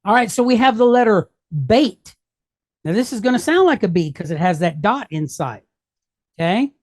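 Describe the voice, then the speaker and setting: This woman's voice sits fairly high, though its tone is darkish. She's teaching Hebrew reading from a worksheet, patiently going over every mark and asking "okay?" and "right?" along the way.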